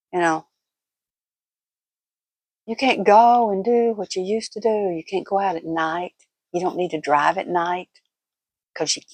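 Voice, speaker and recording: A woman's voice: lowish voice, no room sound. An older woman, telling stories casually in a vlog, folksy and laughing often. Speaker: vlogger.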